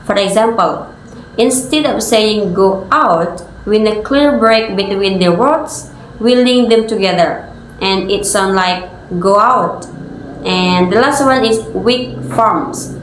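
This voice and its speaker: A young woman giving a class presentation as a student, explaining slowly and carefully. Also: mid-range voice, a little hiss or hum. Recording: echoey room.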